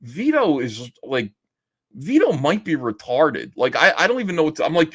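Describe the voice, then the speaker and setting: A man's voice: on the high side, big pitch swings, moderate pace, fairly bright tone. A middle-aged man hosting a stream, rambling and mocking as he gives a casual, profane rant. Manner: mimics others in raised voice when quoting. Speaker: streamer host.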